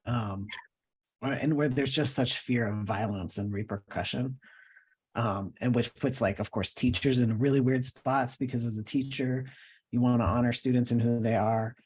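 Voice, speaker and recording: A man speaking as an interview guest in a casual conversation, thoughtful and pausing to search for words. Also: medium pitch, steady tone, a little mellow, slightly rough. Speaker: guest, professor and cartoonist.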